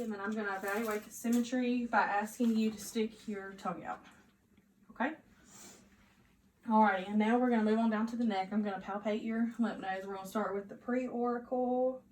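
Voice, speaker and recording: A woman's voice: on the high side, moderate pace. Woman narrating a nursing exam. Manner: steady, instructive, step-by-step directions. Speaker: nursing student performing an exam. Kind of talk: narrated physical assessment demo. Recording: echoey room with faint ambience.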